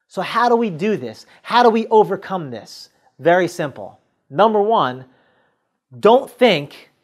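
A man giving a motivational sales training talk, coaching the listener directly and acting out sales scenes with quoted dialogue. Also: a little high.

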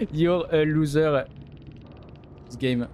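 A man's voice: on the high side, wildly swooping pitch, extremely slow, a little mellow, a little hiss or hum. A man, streaming a game live and mockingly teasing his opponents.

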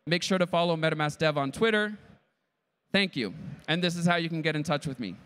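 High-voiced eager man presenting a demo. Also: fairly quick, a bit bright, smooth. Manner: eager, keeps checking in with the audience. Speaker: conference presenter. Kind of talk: tech conference talk with live demo.

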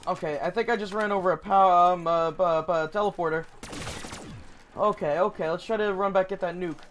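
A young man hosting a gaming channel, giving casual, excitable gameplay commentary and swearing when startled. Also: high voice, a little fast.

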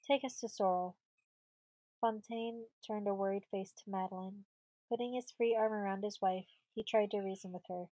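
Mellow woman reading an audiobook. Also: mid-range voice, fairly even intonation, normal speed, no echo, rough recording. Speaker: audiobook reader. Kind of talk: storybook audiobook narration.

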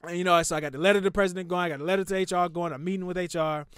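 A man in his thirties on a podcast, telling a personal story in a heated, profane, animated way. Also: high voice, racing, clear, resonant tone, dry recording, clean studio sound. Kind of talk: casual storytelling.

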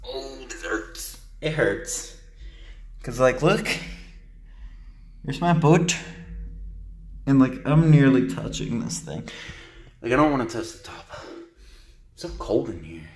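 A man's voice: medium pitch, lively intonation, slow, long pauses, a little mellow. Breathless young man filming in a tunnel. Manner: rambling, breathless, easily startled. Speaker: paranormal vlogger. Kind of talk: casual vlog exploring a tunnel. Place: outdoors in a cold drainage tunnel.

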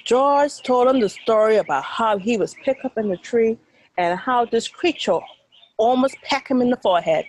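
Lively Bahamian woman telling a story. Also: a little high, moderate pace, slight background noise, poor audio. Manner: dramatic, sound effects. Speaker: teacher and storyteller. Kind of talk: storytelling to children.

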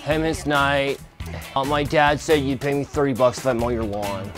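A man's voice: mid-range voice, normal speed, music in the background, voice pushed down, lightly acted. A man acting a sulky teenage boy who mumbles, whines and trails off in grudging half-sentences. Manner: grudging, whiny, self-pitying.

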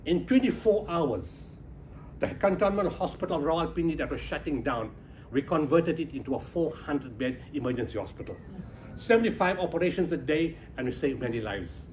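Male keynote speaker, fairly high voice, lively anecdotal delivery with humor. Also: moderate pace, slight background noise. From South Africa. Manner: animated storytelling, acting out dialogue, laughing at own jokes. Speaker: keynote speaker, humanitarian founder. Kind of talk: humorous motivational speech. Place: conference hall before a business audience.

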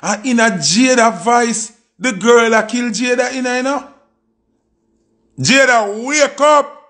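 A Jamaican man gives excitable music reaction commentary, cursing freely as he talks. His voice sits high with a gravelly edge. He speaks at an unhurried pace. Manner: excitable, exclamatory, swears freely.

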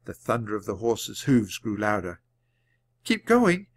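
A man's voice: fairly low pitch, fairly even intonation. Man reading a storybook at natural pace. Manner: measured, clear reading at natural speed. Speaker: audiobook reader. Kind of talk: storybook narration read aloud.

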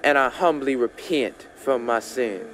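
A man voicing an elderly church woman who gently leads a young man through a prayer, slow and preacherly. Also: medium pitch, crowd noise, natural voice. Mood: solemn leading.

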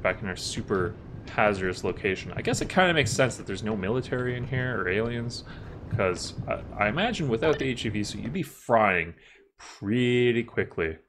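Here the same kind of let's-play commentary comes in a fairly low, fairly bright male voice at a moderate pace, still animated. He riffs on his game, cracking jokes and answering the characters, over slight background noise.

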